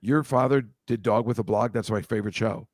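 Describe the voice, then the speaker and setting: A man's voice: on the low side, brisk, no echo, clean studio sound. Teasing man hosting a comedy chat. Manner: teasing, quizzing with photo clues. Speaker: podcast host.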